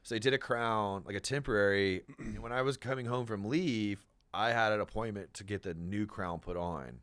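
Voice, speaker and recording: Low-voiced man telling a profane story. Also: normal speed, fairly bright tone, dry recording. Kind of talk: casual chat.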